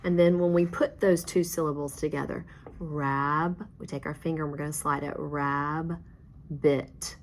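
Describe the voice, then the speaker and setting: Low-voiced woman teaching a reading lesson. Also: steady tone, fast talker, hardly any pauses, mellow. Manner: encouraging, patient, praises answers. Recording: faint background noise.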